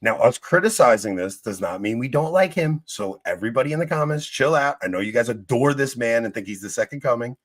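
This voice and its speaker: A man's voice: medium pitch, animated, brisk, few pauses, no echo. A young man co-hosting a casual talk show, telling a story with frequent laughs and joking asides. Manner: laughing often, joking, mimics people in stories. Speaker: podcast co-host.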